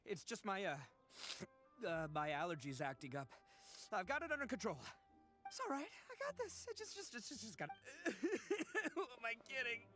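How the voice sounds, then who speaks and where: An actor playing a blustering young male gang boss who stammers and brags, soft-hearted under the bravado. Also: a little high, big pitch swings, normal speed, soft background music. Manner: stammering, boastful, hesitant.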